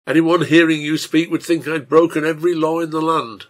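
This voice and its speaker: A quick-tempered innkeeper blusters and snaps, as a man reads him aloud. The voice is rough and gravelly, with a husky edge. He sits in a middle pitch, neither high nor deep. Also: animated. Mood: furious. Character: angry grown male innkeeper.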